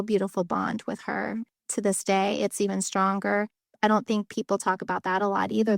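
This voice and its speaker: A middle-aged woman speaking as a guest about her own family, earnest and emotional, her talk full of small fillers. Her pitch sits in the ordinary middle for a woman. The sound is close and dry, with no room around her. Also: vocal fry, dry recording. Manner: earnest, emotional, many "you know" fillers and laughs. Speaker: adoptive mother and guest. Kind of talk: heartfelt personal storytelling.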